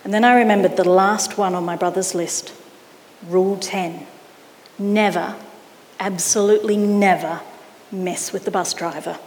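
A woman reading a children's story aloud with expressive delivery, in an echoey hall. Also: mid-range voice, measured pace, slight background noise.

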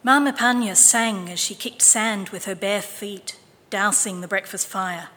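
Woman reader, bright and measured, mid pitch, reverberant hall. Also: steady tone. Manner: clear, measured read-aloud. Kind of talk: reading scripture and a picture book aloud.

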